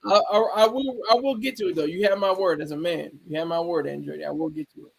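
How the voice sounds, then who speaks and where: A man's voice: a little high, fast, vocal fry, slightly rough. A man giving casual livestream commentary, rambling, restarting sentences and talking back to his chat. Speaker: streamer.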